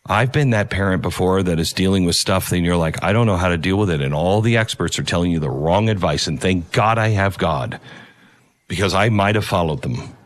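A middle-aged man delivering an earnest, emphatic opinion monologue, pausing to stress key words. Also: sits low. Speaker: commentator.

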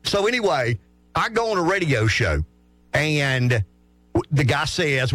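A man with a rural Southern accent, co-hosting a morning radio show and telling stories in an animated, chatty way. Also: a little high, measured pace, no room sound, faint music behind. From South Carolina. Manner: animated, chatty, acts out voices in his stories. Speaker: radio co-host. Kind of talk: casual radio storytelling.

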